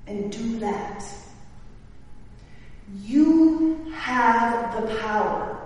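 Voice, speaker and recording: Woman preaching slowly in an echoey hall. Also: fairly high pitch, animated, a little mellow. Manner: slow, emphatic, rising to exclaim. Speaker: pastor. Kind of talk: sermon. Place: church sanctuary. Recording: echoey church hall from far off.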